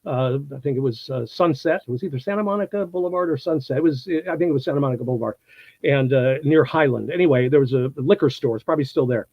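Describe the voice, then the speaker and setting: A man in his sixties from the United States, an actor telling anecdotes in a casual interview, animated and laughing often, acting out what people said. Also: medium pitch, quick pace, no room sound, highs cut off. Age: 60s. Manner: animated storyteller, acts out quotes, laughs often.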